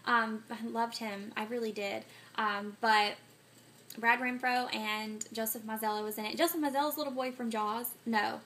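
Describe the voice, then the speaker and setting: A woman's voice: on the high side, fairly even intonation, normal speed, a bit bright, slight background noise. A woman vlogging casually to camera, scatterbrained and full of ums and self-corrections, getting sick and coughing. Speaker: vlogger answering a movie tag.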